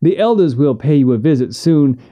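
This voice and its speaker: A man's voice: on the high side, lively intonation, a little fast, dull audio, lightly acted. A man voicing a nervous frontier townsman who stammers and hesitates. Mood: hesitant.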